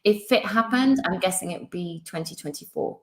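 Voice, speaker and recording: A woman's voice: lowish voice, fairly quick, crowd noise. Chatty northern English woman, roomy sound. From England. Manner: chatty, self-deprecating, laughs often. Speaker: guest author. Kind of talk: casual interview chat. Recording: roomy echo.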